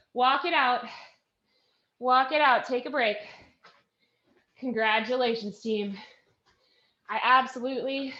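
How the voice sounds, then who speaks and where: A woman's voice: high-pitched, a bit bright, roomy sound, muffled recording. A woman leading a live workout class, counting reps and cheering her team on while out of breath. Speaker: fitness instructor.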